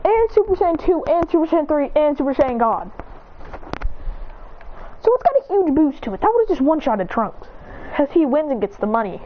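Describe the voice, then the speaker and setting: A woman's voice: high-pitched, sing-song, moderate pace, long pauses, highs cut off, a little hiss or hum. A woman retelling a fan story in a breathless, run-on way with sound effects.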